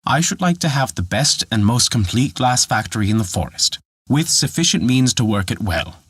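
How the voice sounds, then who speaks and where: A man's voice: mid-range voice, very animated, moderate pace, a bit bright, breathy edge, no echo, clean studio sound. Man playing an eager young charcoal burner. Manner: eager, pleading.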